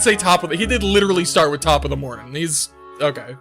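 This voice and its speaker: A game streamer reacting live in a casual way, excitable and swearing, often laughing. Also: mid-range voice, fast, soft background music.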